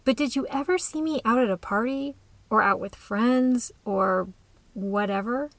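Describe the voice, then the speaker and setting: A woman reading a withdrawn young freshman who talks quietly. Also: on the high side, a little slow, gravelly, dry recording. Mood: subdued. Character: young woman, shy, lonely college freshman.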